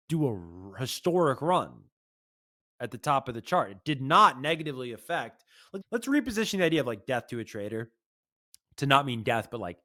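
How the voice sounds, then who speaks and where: A man's voice: fairly high pitch, a bit bright. A man hosting a music breakdown video, talking casually and reading lyrics aloud between comments. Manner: chatty, full of "like" and "bro", reads lyrics aloud. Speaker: music reaction video host.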